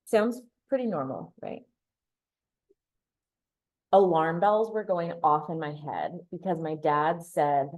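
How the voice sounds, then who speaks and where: A woman's voice: on the low side, measured pace, darkish tone. A woman in her thirties giving a presentation, telling a candid personal story and sometimes restarting or repeating words. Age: 30s.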